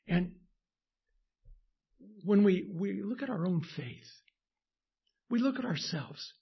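A male pastor with a slightly high, husky voice delivers a sermon in halting stretches full of fillers and restarts. He builds to emphatic, insistent peaks. The recording sounds dull and lo-fi. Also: lively intonation.

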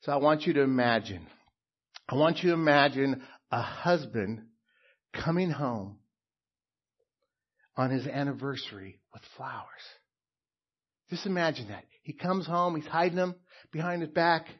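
A middle-aged pastor preaches in an unhurried, deliberate way, his voice a little husky. He leans hard on key words and then drops almost to a hush. The sound is dull and muffled. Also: fairly high pitch. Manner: slow, emphatic preaching with soft, hushed stretches. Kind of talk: sermon.

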